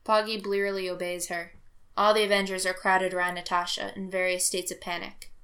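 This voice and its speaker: Woman narrator, bright and expressive, reads fiction aloud. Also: lowish voice, a little fast. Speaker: reader. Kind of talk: audiobook narration of fan fiction.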